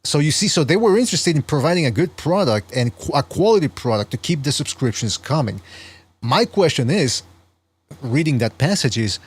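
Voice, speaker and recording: A man's voice: a little high, very animated, brisk, husky. A man hosting a casual sports podcast, explaining his points earnestly and often restarting his words mid-sentence. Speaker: podcast host.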